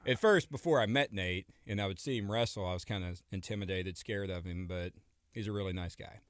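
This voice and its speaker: Thirties male guest, low-ish voice, loose rambling joker, dry close studio mic. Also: fairly quick, clean tone, dry recording. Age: 30s. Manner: rambling, jokey, trails off mid-sentence. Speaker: radio guest. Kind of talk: casual chat.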